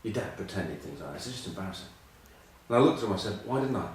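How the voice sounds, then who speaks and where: A man's voice: deep voice, lively intonation, very fast, slight background noise. Rambling English man, echoey and distant. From England. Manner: rambling, self-mocking anecdotes with many ums. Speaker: rugby pundit. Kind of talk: casual chat.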